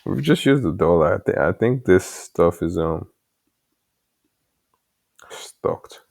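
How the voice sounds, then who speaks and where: A man's voice: low voice, animated, normal speed, vocal fry, darkish tone. A man with an African accent, rambling casually to himself while coding late at night, with many fillers and mild cursing, his headset mic sitting far from his mouth. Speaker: developer vlogger. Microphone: headset mic held far from mouth.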